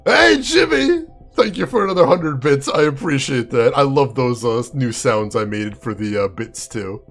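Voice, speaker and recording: A man's voice: mid-range voice, normal speed, soft background music. A man live-streaming a game in a chatty way, laughing often and answering viewers by name. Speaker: game streamer reading chat. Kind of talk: casual live-stream chat.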